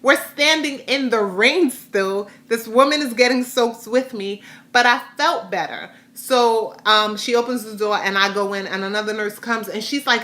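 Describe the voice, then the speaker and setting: A woman's voice: fairly high pitch, moderate pace, hardly any pauses, bright, forceful tone. A woman vlogger, mother of a grown son, candidly retelling a hard day with rambling restarts. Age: adult, has a grown son. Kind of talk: personal storytelling vlog.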